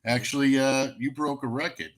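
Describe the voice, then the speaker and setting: A man's voice: mid-range voice, steady tone, moderate pace. A man with an American accent co-hosting a casual live stream, bantering playfully. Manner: laughs easily, playful banter. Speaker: co-host of a live research stream.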